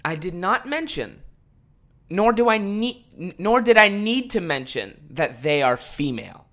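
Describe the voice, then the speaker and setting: A young man hosting a podcast, ranting casually and swearing a lot, swinging from mumbled asides to loud exasperated outbursts. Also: high voice, sing-song, a little slow. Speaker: podcast host.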